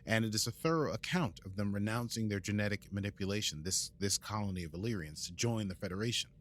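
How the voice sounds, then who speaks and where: This is an American man with a fairly low voice, co-hosting a podcast. He recaps an episode in a casual, rambling way. He restarts often and keeps slipping jokes in. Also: fast, slight background noise. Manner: rambling and jokey, with many fillers and restarts. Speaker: podcast co-host.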